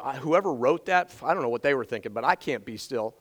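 A man preaching a sermon as pastor, energetic and emphatic, repeating his key phrases, his voice strained from yelling the day before. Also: on the high side, fairly quick, hardly any pauses, rough recording.

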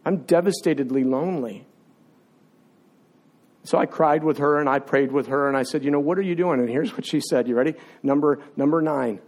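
A man's voice: a little high, fairly even intonation, quick pace, few pauses. A man preaching a sermon in an impassioned, confessional way, building through repeated phrases.

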